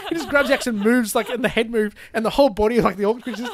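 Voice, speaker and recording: A podcast co-host in a casual film chat, talking fast with lots of "like" fillers and acting out quoted lines from scenes. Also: medium pitch, a little hiss or hum. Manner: animated, full of "like" fillers, laughs while retelling scenes.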